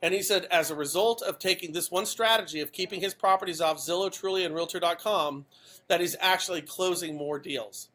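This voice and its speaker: A man with a high, bright, forceful voice rants his way through podcast commentary. He is blunt and emphatic, swears without a second thought, and keeps tossing "okay?" at the listener to drive his points home. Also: brisk. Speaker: podcast host.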